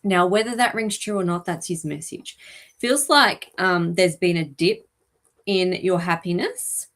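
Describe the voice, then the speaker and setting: Woman, lowish voice, warm chatty live-stream host, lots of ums. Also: unhurried. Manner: gentle, chatty, with frequent ums and asides. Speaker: animal communicator hosting a live show. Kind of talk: live-stream reading for viewers.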